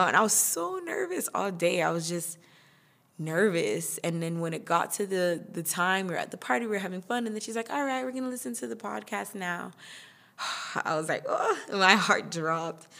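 A young adult woman hosting her own podcast, talking casually about her year, chatty and quick to laugh. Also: lowish voice, animated, creaky, a bit bright. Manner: chatty, laughs often, acts out quoted voices. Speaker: podcast host. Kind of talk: casual personal monologue.

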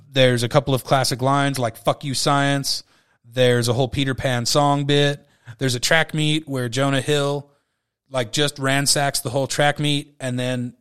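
Casual podcast guy in his 30s, swears a lot, rambles, lots of ums, middle-pitched voice. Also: a bit bright, clear, resonant tone. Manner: rambling, profane, with frequent fillers. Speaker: podcast host. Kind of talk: casual movie review chat.

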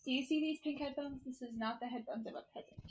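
A woman's voice: sits high, fast, slight background noise, low-quality recording. A young woman co-hosting a podcast, chatty and teasing in casual conversation. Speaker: podcast co-host. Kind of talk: casual chat.

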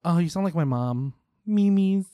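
A young man making casual, sarcastic reaction commentary, swearing and tossing off quick jokey asides. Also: sits high, animated, warm tone, no room sound.

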